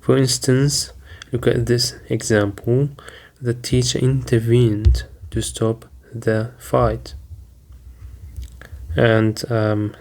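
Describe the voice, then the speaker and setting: Slow, flat-voiced male teacher. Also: medium pitch. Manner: slow, deliberate, with frequent "um" fillers. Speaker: English teacher. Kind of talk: vocabulary lesson.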